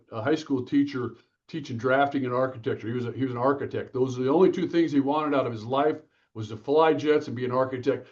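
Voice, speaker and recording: Energetic man telling stories, lo-fi sound. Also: mid-range voice. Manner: energetic, lively, acts out quotes. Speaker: author and guest. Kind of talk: casual interview storytelling.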